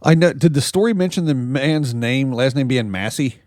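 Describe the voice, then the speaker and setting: Male comedy podcast co-host, average pitch, dry-sounding, laughs a lot, loose rambling delivery. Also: normal speed, darkish tone, no echo. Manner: jokey, laughs often, rambling asides. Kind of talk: casual comedy podcast chat.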